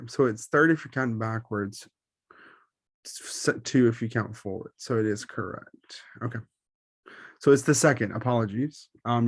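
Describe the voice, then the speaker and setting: A man's voice: medium pitch, no echo, studio quality. Hesitant man teaching an online lesson. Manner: hesitant, many ums and self-corrections. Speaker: Spanish teacher.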